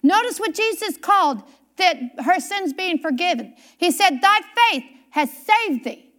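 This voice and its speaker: A woman preaches a sermon in a very high, bright voice that rises and falls a great deal. She takes her time, reading scripture slowly and repeating key phrases for emphasis. She often puts questions straight to her listeners. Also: expressive. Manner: questions the congregation directly.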